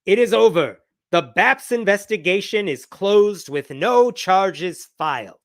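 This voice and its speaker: A man's voice: high voice, lively intonation, a little slow, a bit bright, no echo, clean studio sound, exaggerated voice. A man voicing an indignant female advocacy group leader in a mocking Indian accent.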